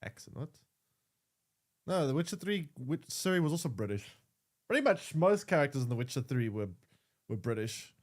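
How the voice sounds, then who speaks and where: A man's voice: mid-range voice, sing-song, moderate pace, pauses often. A young man streaming a game, chatting casually with many stammered restarts and repeated words. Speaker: gaming streamer. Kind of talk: casual gaming commentary.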